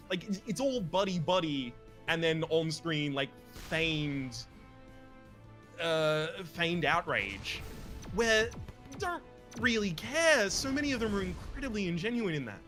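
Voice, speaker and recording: A man's voice: high voice, sing-song, a little slow, sharp tone, soft background music. A man co-hosting a let's play, chatting casually while gaming in a rambling, opinionated way and swearing freely.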